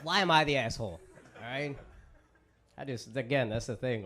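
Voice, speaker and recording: A man doing stand-up comedy in a brash, profane, animated way before a live crowd. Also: medium pitch, normal speed. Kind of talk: stand-up set. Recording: echoey club with loud crowd.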